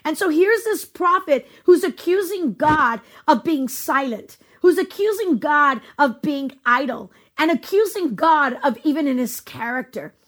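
Woman preacher, high voice, earnest sermon, many rhetorical questions. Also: animated, fairly bright tone. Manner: earnest, rhetorical questions, quickens and rises when quoting. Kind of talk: sermon to a video audience.

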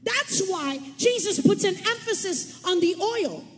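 A woman preacher giving an emphatic sermon, repeating key words and calling on her listeners to shout them back. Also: very high-pitched, expressive, measured pace, long reverb tail.

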